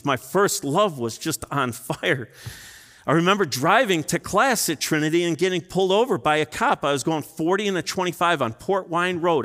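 This pastor, a man in his fifties, preaches in a church sanctuary in a pushed, bright, slightly high voice. His personal stories come across as earnest and emotional, and the big hall adds long reverb.

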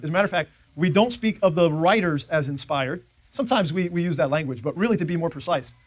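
A man's voice: fairly high pitch, no room sound. A man teaching a church Bible class in a conversational way, often checking in with his listeners.

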